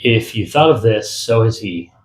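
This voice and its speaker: A man's voice: on the low side, lively intonation, normal speed, roomy sound, slight background noise, lightly acted. Adam, a man voicing a wry, bitter young man. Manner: wry, dark muttering. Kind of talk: audiobook character voice.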